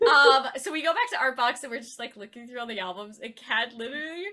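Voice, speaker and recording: A woman's voice: high-pitched, lively intonation, fast, pushed and bright. A woman co-hosting a podcast, chatting casually with lots of fillers and laughter. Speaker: podcast co-host. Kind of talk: casual chat.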